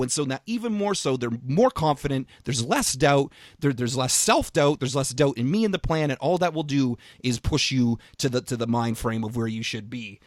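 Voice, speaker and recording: A man and fitness coach co-hosting a podcast, talking in an emphatic, energetic way with frequent restarts and repeated words. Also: mid-range voice, fairly quick, hardly any pauses, no echo, studio quality. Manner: casual swearing. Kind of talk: casual podcast chat.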